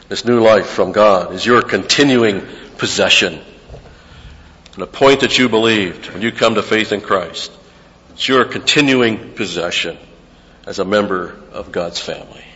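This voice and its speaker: A man's voice: fairly low pitch, fairly bright tone. A man preaching an expository sermon, teaching verse by verse, explaining grammar and repeating key phrases for emphasis. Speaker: pastor. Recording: lo-fi with long hall reverb.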